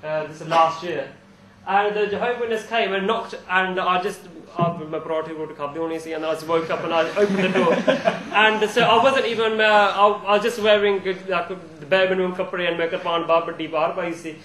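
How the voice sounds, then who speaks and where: High-voiced man telling stories. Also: steady tone, a little fast, a bit bright. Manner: chatty storytelling, with frequent restarts and chuckles. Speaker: invited speaker at a student society talk. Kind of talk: informal religious talk with personal anecdotes. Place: university lecture room. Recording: echoey room, live talk recording.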